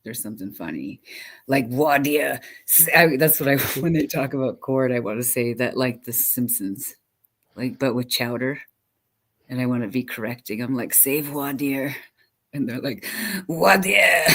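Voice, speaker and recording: A co-host on a live stream rambles in casual chat. The talk is loose and full of laughter and "like". The voice sits at a middle pitch. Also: moderate pace.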